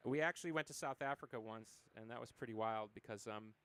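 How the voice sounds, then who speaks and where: Rambling fast-talking American man. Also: medium pitch, a bit bright, smooth. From United States. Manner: rambling storyteller, many fillers and acted quotes. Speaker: interview guest, musician. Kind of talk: casual interview conversation.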